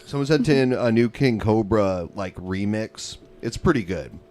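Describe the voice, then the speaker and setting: A man's voice: on the low side, a little slow, over music. A man co-hosting a comedy podcast, chatting casually while hunting for clips. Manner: laid-back, searching aloud for clips. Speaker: podcast co-host.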